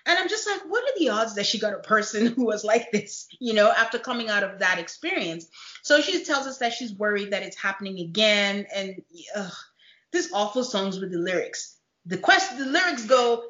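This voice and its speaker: A woman hosting a casual recap chat, animated and laughing often as she retells scenes. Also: mid-range voice, normal speed. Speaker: podcast host. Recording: dull lo-fi echoey room.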